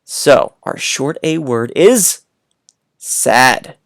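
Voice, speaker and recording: A man's voice: mid-range voice, expressive, very slow, no room sound, clean studio sound. A man teaching a read-aloud lesson to young children, playful and coaxing, speaking straight to the listener.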